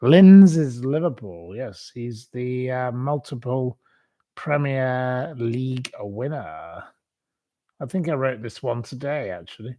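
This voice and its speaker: A man with a slightly mellow, medium-pitched voice hosts a relaxed live stream quiz at a slow pace, chatty, apologetic, and swearing occasionally. The sound, picked up by a computer webcam mic, has no room sound.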